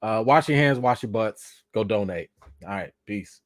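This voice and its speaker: Dude hosting a live chat, bursts way up high when hyped, dry close mic. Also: male voice, normal speed, no room sound. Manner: animated, jumps high when excited, addresses chat directly. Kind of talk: casual live-stream chat.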